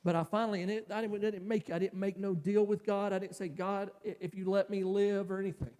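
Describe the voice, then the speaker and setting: A man tells his own story from the pulpit, his voice sitting a little high for a man and often catching as he speaks. The delivery is emotional and halting, with stops and restarts. His words ring out with a long reverb from a big church hall. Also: flat delivery, darkish tone. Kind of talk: personal testimony sermon. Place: church sanctuary.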